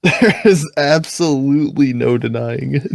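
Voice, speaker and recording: A man co-hosting a casual podcast, who talks at an unhurried, slow pace. His voice sounds dry and close, with no room sound. He laughs often and reacts with swearing asides. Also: medium pitch, vocal fry, dry recording. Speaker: podcast co-host. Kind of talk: casual chat.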